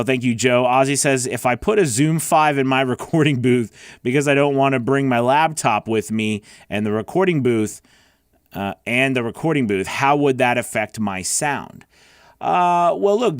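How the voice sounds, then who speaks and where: A man's voice: mid-range voice, no room sound, studio quality. A man hosting a live voice-over Q&A, earnest and encouraging, rambling with fillers as he answers viewers. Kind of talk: motivational live stream chat.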